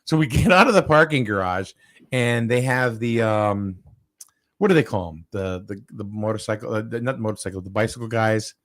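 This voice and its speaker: Lively low-voiced man telling a rambling story. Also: moderate pace, no room sound. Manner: rambling, with many fillers and restarts. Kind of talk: casual storytelling chat.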